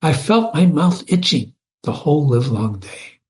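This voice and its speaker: A man voicing a lovesick young male suitor who gushes and pleads in florid love talk, raising his voice a little higher than his narration. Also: sing-song, moderate pace, a little mellow. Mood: eager.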